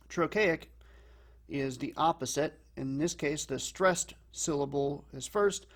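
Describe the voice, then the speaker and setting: Man explaining poetry meter. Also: mid-range voice. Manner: plain explaining, slows to read quoted verse aloud. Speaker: teacher. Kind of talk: explanatory lecture.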